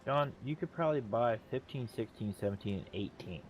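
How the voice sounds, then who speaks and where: A man's voice: mid-range voice, brisk, lo-fi sound, slight background noise. A man chatting with friends while playing a game, trading teasing jokes and practical talk about the game. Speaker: co-player on stream. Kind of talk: casual chat while gaming.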